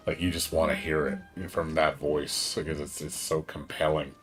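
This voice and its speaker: A man chatting casually on a live game stream, rambling and excitable, swearing often and tired from staying up all night. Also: rumbling low, normal speed, few pauses, music in the background.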